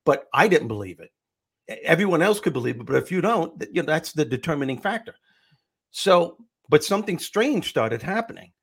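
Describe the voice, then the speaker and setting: A middle-aged man, a comedian and motivational speaker, telling animated stories as an interview guest. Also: fairly high pitch, fairly quick, gravelly, breathy edge. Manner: animated storyteller, acts out quotes. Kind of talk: storytelling interview answer.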